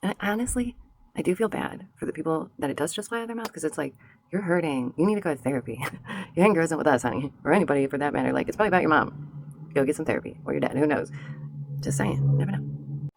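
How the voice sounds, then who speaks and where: Low, gravelly woman talking sass. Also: animated, very fast, slight background noise. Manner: sassy, talks straight to viewers, mock voices for quotes. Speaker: vlogger. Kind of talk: casual commentary to camera.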